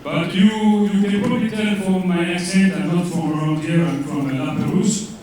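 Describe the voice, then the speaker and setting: A comedian playing a cheeky French coach with a heavy put-on French accent, teasing a crowd at a live lunch event. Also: male voice, high-pitched, fairly even intonation, a little fast, a little hiss or hum, lightly acted. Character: boastful French coach, teasing, adult man. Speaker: comedian in character. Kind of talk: live stand-up character act. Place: large function room at a lunch event. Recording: echoey hall from far off, loud crowd.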